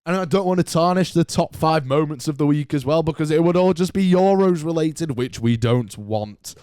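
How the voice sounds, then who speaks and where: Excitable young man ranting. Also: fairly high pitch, normal speed, clear, resonant tone, dry recording, clean studio sound. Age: young adult. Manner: animated, ranting, banter-heavy. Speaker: podcast host. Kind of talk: casual solo podcast chat.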